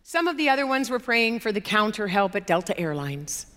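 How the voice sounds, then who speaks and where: A woman's voice: medium pitch, fairly quick. A woman preaching a sermon, telling a story with laughter and acting out the people in it. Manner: animated, laughing, acts out quoted people. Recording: long hall reverb.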